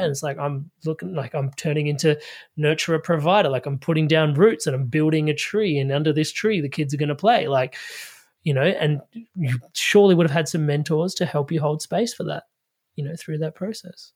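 Animated man talking as a life coach. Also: a little high, a little fast. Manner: energetic, storytelling, spiritual self-help phrasing; casual, slangy, frequent fillers. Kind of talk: animated podcast conversation.

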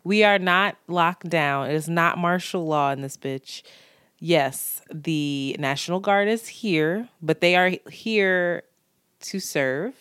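A woman co-hosting a podcast from home, talking casually, candid and animated, swearing freely. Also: fairly low pitch, slow, clean tone, no room sound, studio quality. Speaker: podcast co-host. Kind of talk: casual chat.

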